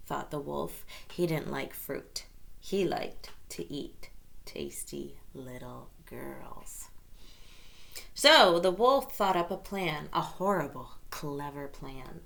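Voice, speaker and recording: Playful lady reading a kids' story, slow and bouncy, a bit of vocal fry. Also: sits low. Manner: playful, expressive, chatty asides. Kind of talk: picture-book read-aloud with asides to children.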